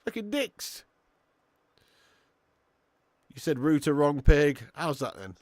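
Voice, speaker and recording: A man's voice: fairly high pitch, big pitch swings, normal speed, a little mellow, no room sound. A young man hosting a live football watch-along who chats, swears and laughs, bantering with viewers in the chat.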